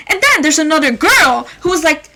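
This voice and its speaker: A young woman hosting a podcast, yelling through a fast, profane rant about her day. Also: high-pitched, sing-song, very noisy. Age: young adult. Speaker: podcast host. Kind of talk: ranting casual podcast monologue.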